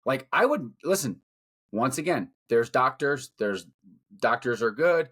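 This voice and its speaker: A man's voice: mid-range voice, expressive, a little slow, a bit bright, breathy edge. A middle-aged man co-hosting a podcast, ranting bluntly and profanely about his opinions in casual talk. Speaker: podcast co-host. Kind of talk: casual rant.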